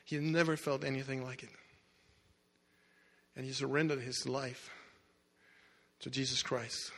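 A man's voice: medium pitch, steady tone, unhurried, vocal fry, a bit bright. A man preaching a sermon, telling a story dramatically with emphatic restarts. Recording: echoey hall reverb.

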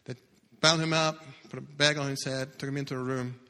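A man preaching a sermon, telling a story with dramatic swings between loud bursts and hushed low lines. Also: steady tone, fairly quick. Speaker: pastor. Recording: long hall reverb.

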